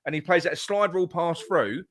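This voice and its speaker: A man's voice: on the high side, fairly quick, a bit bright, no echo. Man, podcast co-host, heated fan chat, lots of swearing and restarts, dry mic. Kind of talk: casual football chat.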